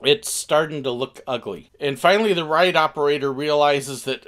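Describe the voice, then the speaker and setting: A man casually telling a funny family story, animated and acting out the quoted bits. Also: on the high side, moderate pace.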